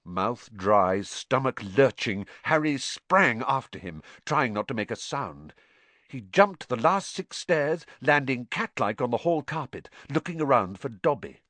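A man reading an audiobook aloud with animated, dramatic storytelling on a close studio mic. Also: mid-range voice, a little slow, no echo. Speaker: audiobook narrator. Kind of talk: expressive audiobook narration.

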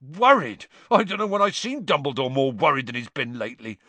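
A man reading aloud and voicing a gruff, hot-tempered giant of a gamekeeper who growls his words bluntly. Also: mid-range voice, sing-song, brisk, sharp tone, dry recording, pitched above the performer's own voice. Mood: indignant.

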